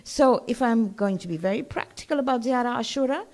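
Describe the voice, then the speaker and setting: Woman lecturer, slightly high voice, conversational, explains to her audience and asks them to follow along. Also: fairly quick, a little mellow. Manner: conversational, checks in with listeners. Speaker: religious lecturer. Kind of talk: religious lecture to a gathering.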